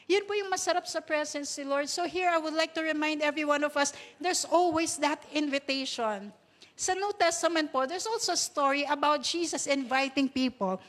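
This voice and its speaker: A woman's voice: high voice, normal speed, a bit bright. A woman pastor with a Filipino accent preaching a sermon, moving between Tagalog and English, laughing often and drawing out quoted lines.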